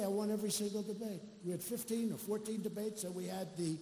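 A man's voice: high-pitched, fast talker, a little mellow, a little hiss or hum. A male politician giving a campaign rally speech, boastful and rambling, full of mocking asides. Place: large indoor rally venue. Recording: echoey arena with crowd ambience.

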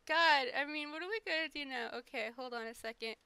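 A woman's voice: high voice, a little fast, sharp tone, dry recording. A woman streaming and chatting casually to her viewers, laughing often and swearing freely. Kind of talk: casual live-stream chat.

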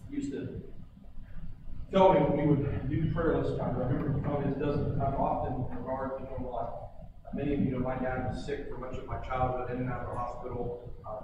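A man preaching a sermon as pastor, shifting between forceful emphasis and quiet, slowed lines. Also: medium pitch, dull audio. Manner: builds to forceful emphasis then drops quiet. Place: church sanctuary. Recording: echoey church hall, distant mic, background noise.

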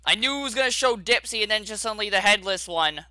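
A man hosting his gaming channel, narrating a horror game as he plays, jittery and saying how scared he is, with sudden loud yelps. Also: sits high, lively intonation, quick pace, dry recording, studio quality. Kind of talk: horror game let's play commentary.

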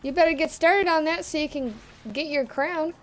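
A young woman gaming with friends over voice chat, giggly and excitable, swearing often. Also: high-pitched, moderate pace, soft background music. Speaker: gamer in voice chat. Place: at home on online voice chat.

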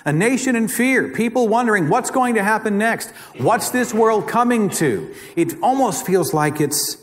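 A man with an Oklahoma accent giving a live public talk, emphatic and dramatic, repeating phrases for effect. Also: high-pitched. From Oklahoma, USA. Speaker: guest speaker. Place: lecture hall. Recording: reverberant hall recording.

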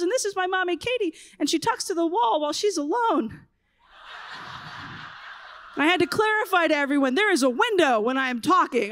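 Bright high-voiced woman telling stories. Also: no room sound, studio quality. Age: 30s. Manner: lively storytelling, acts out voices of children. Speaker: conference speaker. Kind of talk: humorous keynote talk. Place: conference stage.

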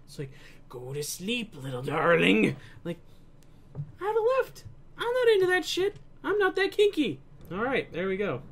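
Young male let's play host, bright high voice, excitable and profane. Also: moderate pace. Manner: excitable, swears often, bursts of laughter. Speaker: gaming video host.

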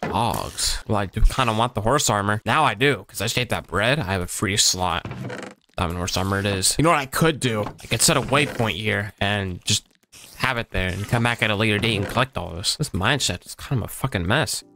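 A man with a lowish, bright, forceful voice keeps up a casual running commentary as he plays a game. He talks mostly to himself and swears freely along the way. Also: animated, fairly quick, slight background noise. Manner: chatty running self-talk, swears casually. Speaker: gaming channel host.

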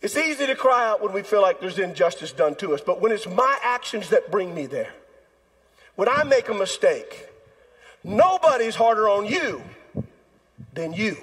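Male pastor preaching, high voice with a husky edge, long hall reverb. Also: very animated, moderate pace, a bit bright. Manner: preaching with dramatic acted-out quotes. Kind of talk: sermon. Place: church sanctuary.

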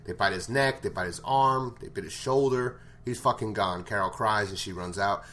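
A man's voice: lowish voice, normal speed, pushed and bright. A man giving a casual episode recap, blunt and full of swearing. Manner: blunt and profane. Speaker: show reviewer.

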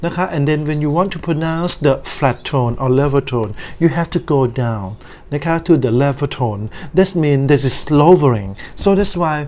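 A woman's voice: low voice, lively intonation, darkish tone. Thai-accented woman teaching a language lesson. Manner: slow, careful explanation with Thai politeness particles.

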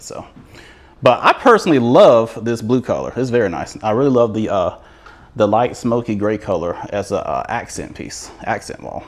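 A man giving an enthusiastic, chatty walkthrough of a show home, recorded on a handheld camera while walking through the rooms. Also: mid-range voice. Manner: enthusiastic, chatty, repeats words. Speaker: home tour host. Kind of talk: casual walkthrough narration. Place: inside a manufactured home show model.

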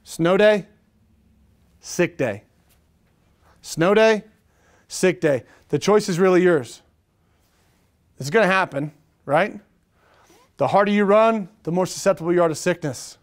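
Middle-aged pastor guy preaching, kinda high voice, repeats himself a lot, throws out questions. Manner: animated preaching with repeated phrases and rhetorical questions. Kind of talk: sermon.

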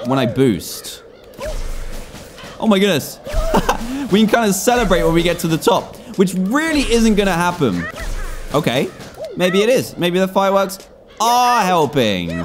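A young man in his twenties commentating his own gameplay, excitable, exclaiming and groaning at every slip. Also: fairly high pitch, background noise. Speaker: gaming YouTuber.

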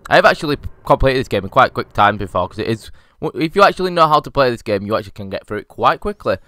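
A man's voice: medium pitch, very animated, quick pace, bright, forceful tone, dry recording. A young man doing casual, sweary let's-play commentary as a gaming YouTuber. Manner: sweary, cheeky, chatty.

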